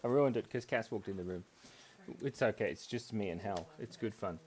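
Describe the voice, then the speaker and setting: A man's voice: on the low side, moderate pace, darkish tone, slight background noise. A man hosting a live drawing stream from a room at home, chatting in a playful, giggly way and telling silly stories. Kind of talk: casual rambling chat while drawing. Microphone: headphones on, desk mic.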